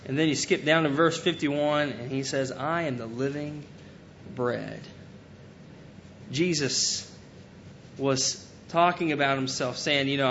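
Speaking a little slowly in a fairly bright tone, a man delivers a sermon that earnestly recounts scripture in plain, everyday wording. The recording is dull and lo-fi, with a faint rumble underneath.

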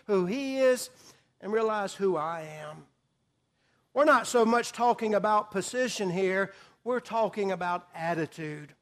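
A man's voice: high-pitched, measured pace. A middle-aged man preaching a sermon, earnest and emphatic, rising in volume on key phrases.

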